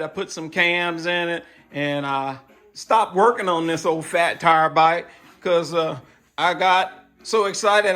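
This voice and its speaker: High bright-voiced man rambling. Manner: chatty, rambling storytelling. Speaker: bike builder vlogger. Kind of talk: casual chat to camera.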